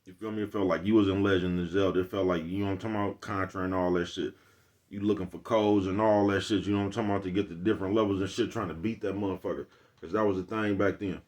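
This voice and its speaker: Deep-voiced and darkish in tone, the vlogger talks fast with fairly even intonation. His accent is African American Vernacular English, and he preaches to viewers in a loose, slangy street monologue.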